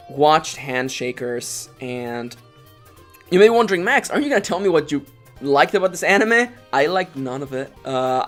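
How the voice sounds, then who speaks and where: Young male reviewer, fairly high voice, put-on excitement over a sarcastic, salty rant; casual delivery. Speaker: anime reviewer, channel co-host.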